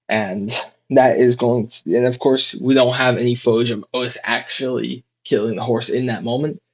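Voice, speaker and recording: A man's voice: medium pitch, muffled recording. A man acting as prosecutor in a mock trial among gaming friends, rambling and repeating "obviously" and "of course".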